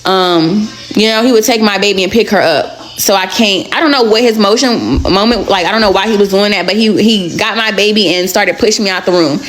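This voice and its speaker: A woman's voice: mid-range voice, a little fast, hardly any pauses. A young adult woman telling a personal story in a casual storytime vlog, candid, slangy and blunt.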